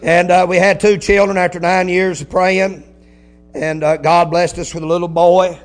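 A man preaching a folksy sermon, telling a story quietly, then building to shouted preaching with hallelujahs. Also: sits high, flat delivery, moderate pace, soft background music. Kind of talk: Pentecostal-style sermon.

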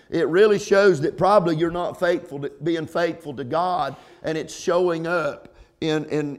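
Middle-aged preacher man, fairly high voice, lots of amens, slows way down then builds up loud. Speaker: pastor. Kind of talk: sermon.

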